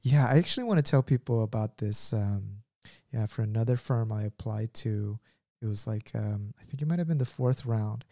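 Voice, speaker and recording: A man in his thirties hosting a podcast and telling a story in an animated, casual way, laughing at himself. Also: fairly low pitch, moderate pace, creaky, no echo, clean studio sound. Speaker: podcast host.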